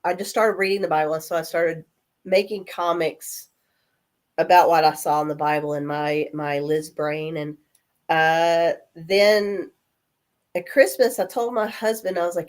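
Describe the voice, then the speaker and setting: A woman in her forties, coming down with a cold, telling animated stories in a casual chat and acting out the voices of people in them. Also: on the low side, a little slow. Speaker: guest. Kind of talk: casual storytelling.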